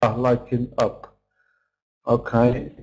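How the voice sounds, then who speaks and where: Taking it slowly in a level, darkish mid-range voice, a male English teacher gives an online pronunciation lesson. He repeats every word with patience, counting syllables and walking through the stressed vowel sound one step at a time. The recording is low quality.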